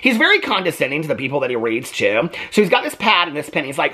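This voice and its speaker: Husky guy ranting on his vlog, super animated up and down voice, keeps going "okay?". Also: on the high side, fast, few pauses. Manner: chatty, keeps asking "okay?" for agreement; acts out quotes in changed voices. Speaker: reaction vlogger. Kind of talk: casual reaction commentary.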